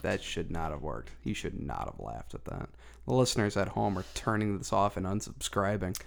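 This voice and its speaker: A woman's voice: extremely low pitch, expressive, normal speed, gravelly. A woman co-hosting a podcast, chatting casually, joking and swearing freely with rambling asides. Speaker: podcast co-host. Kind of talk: casual chat.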